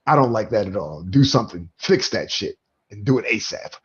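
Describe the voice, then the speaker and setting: A man's voice: lowish voice, expressive, a little fast, breathy edge, lo-fi sound. A man co-hosting a show review, ranting emotionally with swearing and laughter. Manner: emotional, profane, laughing rant. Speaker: podcast co-host. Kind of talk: casual review chat.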